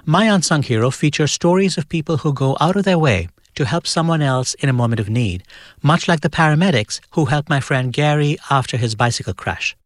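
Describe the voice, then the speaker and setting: A man hosting a podcast, reading a scripted introduction and credits in a measured storytelling way. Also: a little high, animated, no echo. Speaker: podcast host.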